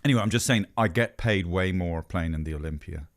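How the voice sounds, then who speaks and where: A middle-aged man with an Irish accent hosts a casual podcast chat. His voice sits fairly low. He rambles, jokes and swears freely. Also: brisk. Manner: profane, jokey and rambling. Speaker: podcast host.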